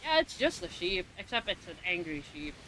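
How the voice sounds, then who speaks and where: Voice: mid-range voice, very animated, moderate pace, pushed and bright, slight background noise, low-quality recording. A co-host of a gaming stream, joking and exclaiming in casual chat. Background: faint game music.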